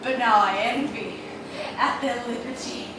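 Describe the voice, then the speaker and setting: A woman's voice: a little high, a little slow, lightly acted. An actress playing a grieving, frantic royal mother half mad with loss, performing classical stage acting in an impassioned way. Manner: impassioned, swinging between wailing and bitter laughter. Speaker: acting student. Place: rehearsal room. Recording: echoey room taped from far off, noisy.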